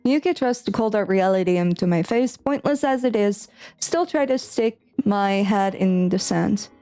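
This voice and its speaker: A woman's voice: mid-range voice, lively intonation, normal speed, mellow, smooth, soft background music. A woman streaming a visual novel, reading lines aloud and rambling through her theories with giggly, unsure asides. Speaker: game streamer. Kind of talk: playthrough commentary and reading aloud.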